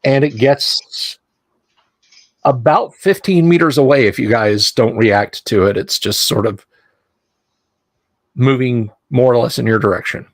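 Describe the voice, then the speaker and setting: Game master, male, mid-pitched, halting descriptive narration, dry close sound. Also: no echo.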